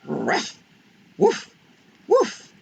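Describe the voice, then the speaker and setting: A woman voicing an excited little puppy dog, barking in a high squeaky voice in a storybook read-aloud. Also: extremely slow. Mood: playful.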